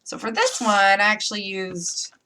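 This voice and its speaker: A woman with a mid-range voice speaks at a moderate pace, with background noise behind her. Hosting a live crafting tutorial in her upstate New York accent, she's playful and chatty, narrating each step as she thinks it through.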